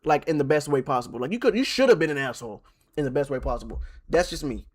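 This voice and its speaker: A young man streaming and reacting to online posts. He swings from loud outbursts to low mutters and restarts his sentences often. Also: expressive, fast, husky. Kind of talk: live-stream reaction commentary.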